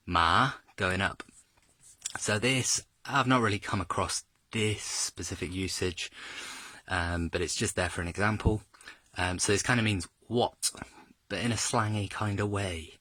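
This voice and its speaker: A man giving a casual, jokey video lesson as a self-taught learner, stretching his pitch up and down to demonstrate tones. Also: bright, forceful tone, no echo. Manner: chatty and jokey, exaggerates tones when demonstrating.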